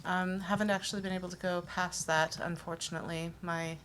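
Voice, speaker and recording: A shy young woman studying music, polite and hesitant, tripping over her words, as a woman plays her. The voice sits a little low, with faint noise behind it. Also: little pitch movement, a little fast, a bit bright, close to an everyday voice.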